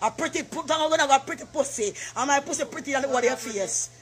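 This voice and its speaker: A Jamaican woman in her forties, loudly cursing and taunting someone in a heated argument. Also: high-pitched, fast talker. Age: 40s.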